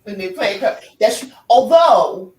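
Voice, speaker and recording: A woman's voice: medium pitch, takes it slowly, recorded from a distance. A woman chatting casually on a stream, from the American South, laughing often and talking expressively. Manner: laughs a lot, lively and expressive. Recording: echoey room, voice off-mic.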